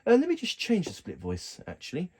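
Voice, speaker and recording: A man giving a casual keyboard tutorial, talking haltingly and often stopping to correct himself. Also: high voice, wildly swooping pitch, breathy edge. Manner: halting, stops to correct himself mid-sentence. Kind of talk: casual demonstration walkthrough. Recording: loud keyboard music over the voice. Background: keyboard sounds being demonstrated.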